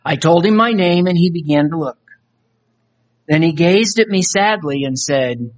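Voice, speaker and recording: A man's voice: high-pitched, unhurried. A man preaching a sermon, reciting a dramatic poem and scripture in an earnest, solemn way.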